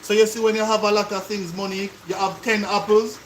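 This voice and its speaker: A man's voice: high-pitched, flat delivery, quick pace, a little hiss or hum, rough recording. A man with a Jamaican accent co-hosting a cooking live stream, chatting to viewers and explaining things in patois. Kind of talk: casual live-stream chat.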